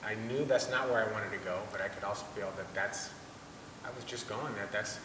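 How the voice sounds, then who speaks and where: A man in a class sharing a personal story, halting and self-mocking with many restarts. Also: lowish voice. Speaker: class participant. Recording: distant, echoey hall with noise.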